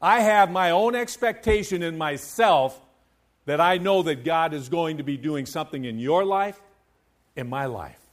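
With an animated, rather high voice and a measured pace, a man preaches as pastor to his church. He shifts between hushed lulls and fervent, loud stretches, chanting scripture in a sing-song cadence.

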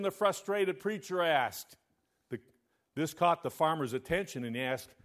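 A man's voice: on the high side, normal speed. A male pastor preaching a sermon, telling a story and often asking the congregation for an "Amen?".

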